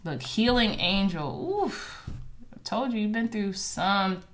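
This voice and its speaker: A woman's voice: medium pitch, very animated, measured pace, slight background noise. A woman giving a casual, encouraging tarot reading to her viewers, reading card affirmations aloud with chatty asides. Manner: chatty with fillers and asides like "child" and "okay". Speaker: tarot reader.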